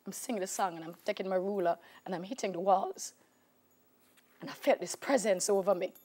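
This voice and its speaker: A woman with a Jamaican accent, a guest on a talk show, tells her life story in a mid-range voice at a slightly fast pace. She is an animated storyteller who acts out voices and repeats things for emphasis.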